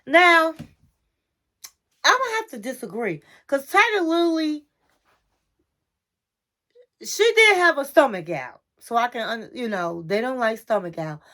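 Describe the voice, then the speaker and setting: High-voiced sassy woman recapping TV. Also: big pitch swings, unhurried, pauses often, bright, forceful tone. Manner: sassy, chatty, addresses the listener as honey. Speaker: reality TV recap host. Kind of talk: casual recap commentary.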